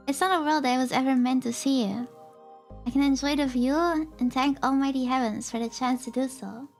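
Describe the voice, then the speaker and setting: A young woman streamer reading a visual novel aloud in a soft, hesitant way, with filler sounds between lines. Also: high voice. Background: faint game music.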